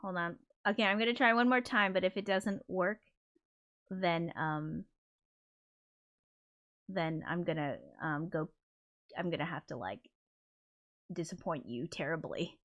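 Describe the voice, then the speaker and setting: A woman's voice: lowish voice, unhurried, pauses often, a bit bright, muffled recording. Flustered woman apologizing on a livestream. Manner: flustered, apologetic, swears under her breath. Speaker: livestream host. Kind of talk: casual livestream chat.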